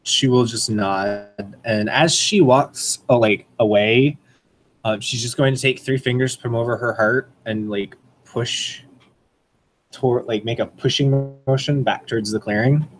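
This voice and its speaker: A man's voice: medium pitch, normal speed, slight background noise, rough recording. A man playing a tabletop role-playing game who describes his character in a loose, casual way with many fillers. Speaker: player.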